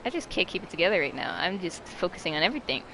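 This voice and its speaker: A vlogger tells a story in a loose, rambling way, teasing themselves as they go. Their voice jumps now and then into sudden high-pitched shrieks. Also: sing-song, rapid-fire, gravelly, background noise. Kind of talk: casual storytime.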